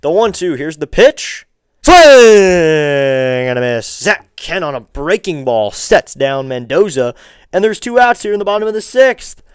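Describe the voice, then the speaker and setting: A man's voice: high voice, animated, moderate pace, clear, resonant tone, no room sound, clean studio sound. A man doing casual play-by-play of a baseball game for a live stream, chatting with viewers and asking them for likes and subs.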